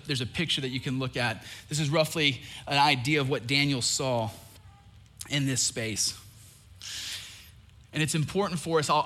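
A young man preaching a sermon, animated and joking, acting out the voices in the story he tells. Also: medium pitch. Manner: animated, acts out quoted voices, jokes with the crowd. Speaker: pastor.

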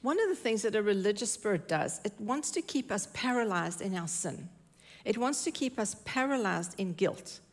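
A woman preaching from the pulpit at a middle pitch, earnest and emphatic. She leans on her key phrases and repeats them to drive each point home. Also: lively intonation, normal speed. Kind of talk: sermon. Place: church.

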